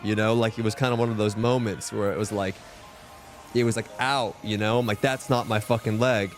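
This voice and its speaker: A young man streaming live, telling a story casually, animated and full of profanity. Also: fairly low pitch, brisk, soft background music. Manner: profane, animated, heated retelling.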